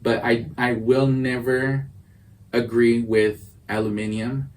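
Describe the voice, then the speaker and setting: A man co-hosting a relaxed podcast over drinks, pressing his opinions with joking mock outrage. He sits a bit back from the microphone, with a faint hiss behind him. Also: medium pitch, slow pace. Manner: emphatic, mock-indignant joking. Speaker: podcast co-host. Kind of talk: casual chat over drinks. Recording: distant mic with faint background noise.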